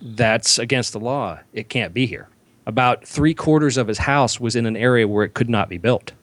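A man's voice: medium pitch, normal speed, dry recording. A man co-hosting a casual podcast, telling long rambling anecdotes and acting out the people in them. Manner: rambling anecdotes, acts out quoted voices loudly. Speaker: podcast co-host. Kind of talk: casual storytelling chat.

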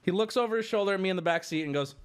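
A man with a high-pitched, clean voice livestreams, telling a story to his chat in exaggerated, animated fashion. He swears and laughs along the way.

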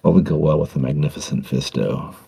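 A man's voice: very deep voice, steady tone, a little fast, creaky, mellow, slightly rough, exaggerated voice. A man voicing a hungry reindeer fussing over which spices to use, in a tabletop game. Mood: musing. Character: reindeer planning how to cook a guest.

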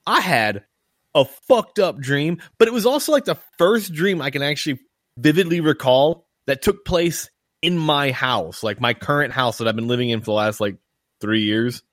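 A man's voice: mid-range voice, moderate pace, a bit bright, dry recording, clean studio sound. A man hosting a podcast, telling a story in a rambling, casual way, swearing often. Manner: rambling, swears a lot, lots of fillers. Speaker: podcast host.

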